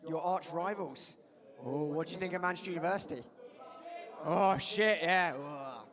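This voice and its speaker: A man's voice: a little high, brisk. A man doing a stand-up set at a student venue, rambling and self-deprecating with stammered restarts. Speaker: stand-up comedian. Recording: reverberant hall with loud crowd. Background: audience.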